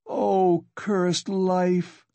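A man's voice: medium pitch, very animated, slow pace, no echo. A man voicing a distraught middle-aged mother who cries out in despair and snaps irritably. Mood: shrill.

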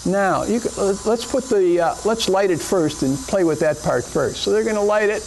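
A man's voice: sits high, moderate pace, creaky, darkish tone, slight background noise. A middle-aged man joking with helpers as he gives a chemistry demonstration in a classroom. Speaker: chemistry teacher. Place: classroom or lecture hall.

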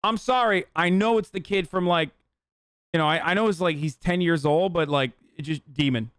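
A man hosts a live reaction stream. He talks in a quick, crude, joking way. His voice sits slightly high and rings smooth and clear. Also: a bit bright, no echo, clean studio sound. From United States. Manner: fast, joking, crude and blunt. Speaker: streamer host reacting to a video. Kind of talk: casual reaction chat.

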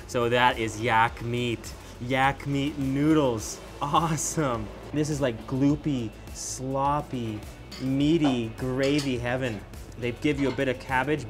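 Male travel food host, excitable and effusive, mid-pitched voice. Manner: exclamatory, gushing over food; mixes English with simple Mandarin. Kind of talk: enthusiastic food vlog with voice-over narration.

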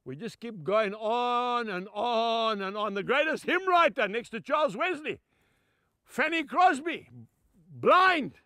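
High-pitched preacher. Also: male voice, clean tone, dry recording, clean studio sound. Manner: emphatic, rising to shouts then dropping low and soft; addresses listeners as "folks". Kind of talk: sermon.

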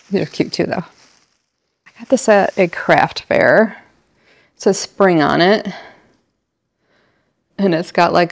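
A woman's voice: lowish voice, vocal fry. A middle-aged woman chatting casually at home while she decorates, laughing often and telling little stories. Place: home, indoors.

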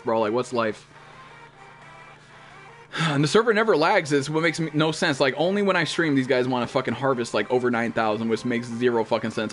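A young man streaming a survival game, talking casually in heavy slang and swearing, sometimes breaking into panicked yelling. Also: mid-range voice. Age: teens. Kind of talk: casual gameplay commentary. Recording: game music behind the voice.

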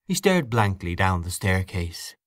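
A man reading an audiobook in a fairly low voice with lively, rising and falling intonation. His narration is measured and expressive. The recording is dry and close. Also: no room sound. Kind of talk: scripted narration.

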